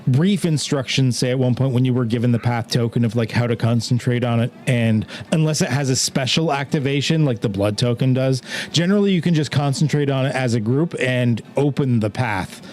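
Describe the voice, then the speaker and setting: A man's voice: medium pitch, brisk, a little mellow, slight background noise. A man narrating a tabletop game as game master, explaining in a loose, rambling way with many fillers.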